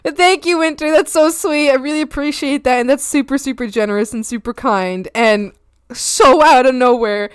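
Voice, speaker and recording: Giggly high-voiced woman streamer. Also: normal speed, smooth. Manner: playful and giggly, teasing chat in mock scolding. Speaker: art streamer. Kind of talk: casual live-stream chat thanking viewers.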